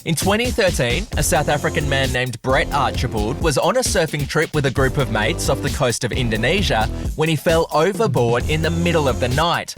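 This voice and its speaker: A man hosting a news podcast, narrating a survival story and then interviewing his guest. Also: fairly high pitch. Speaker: podcast host.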